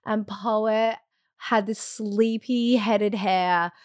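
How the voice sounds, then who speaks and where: A woman in her thirties, a podcast guest, telling a personal story in a lively, casual way, acting out sounds and laughing often. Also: mid-range voice, drawn-out words, clear, resonant tone, dry recording, clean studio sound. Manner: animated, acts out quotes and sounds.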